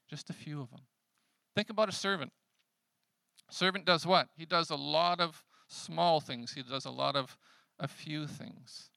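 Gravelly, bright-voiced male preacher. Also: on the high side, no echo. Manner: swings between loud emphasis and hushed asides; conversational preaching with casual fillers. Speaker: pastor. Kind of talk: sermon.

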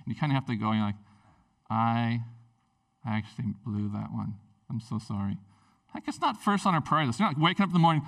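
A man preaching a sermon in a casual, animated way, with lots of fillers. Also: medium pitch, fast, recorded from a distance. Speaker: pastor.

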